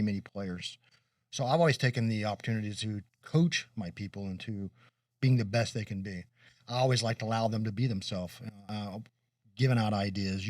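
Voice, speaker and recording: A man's voice: fairly low pitch, no room sound. A middle-aged man from Kentucky co-hosting a casual chat, rambling and earnest with many restarts. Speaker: co-host. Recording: dry room, distant mic.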